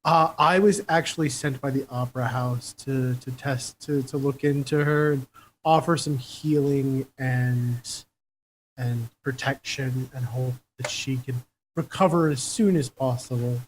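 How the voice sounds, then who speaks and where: An eager, chatty tabletop player at a middle pitch, describing their actions in a loose, friendly way. A faint hiss runs under the voice. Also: steady tone, a little slow, rough recording. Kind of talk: tabletop game play.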